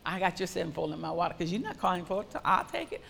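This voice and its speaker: Fervent woman preacher, bright voice. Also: lowish voice, sing-song, racing, gravelly, big-room sound, slight background noise. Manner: fervent, repetitive declarations, rising to shouted praise. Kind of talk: sermon.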